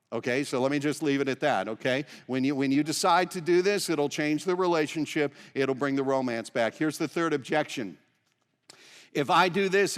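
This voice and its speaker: A man's voice: mid-range voice, in a large hall. A man pastor preaching a sermon in an earnest, conversational way, posing rhetorical questions to the congregation. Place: church sanctuary.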